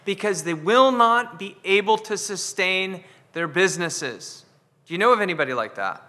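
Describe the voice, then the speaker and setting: Male pastor, higher bright tone, earnest preaching, reverberant hall recording. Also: lively intonation, moderate pace. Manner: earnest, repeats words when building a point. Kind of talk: sermon. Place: church sanctuary.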